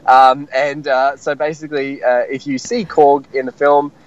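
Excited man on radio. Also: medium pitch, moderate pace, dull audio. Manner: excited, rambling with fillers. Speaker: film critic guest. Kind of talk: casual radio chat.

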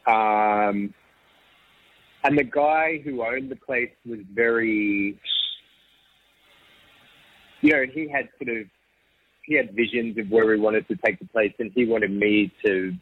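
A man telling his own story as an interview guest, rambling with restarts and soft laughs. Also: lowish voice, steady tone, slow pace, pauses often, slightly rough, no room sound. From Australia. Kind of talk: casual conversational storytelling. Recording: tinny phone-like line, dry.

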